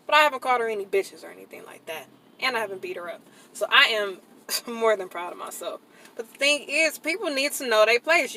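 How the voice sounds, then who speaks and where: A woman speaking to camera in a blunt, profane, emphatic rant, swinging into loud outbursts. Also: on the high side, poor audio. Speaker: vlogger. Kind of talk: casual venting monologue.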